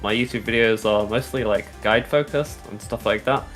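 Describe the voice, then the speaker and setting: A man's voice: lowish voice, moderate pace, a bit bright, soft background music. A young man, a content creator, chatting as a podcast guest in a rambling, friendly way with many fillers. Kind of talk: casual podcast interview.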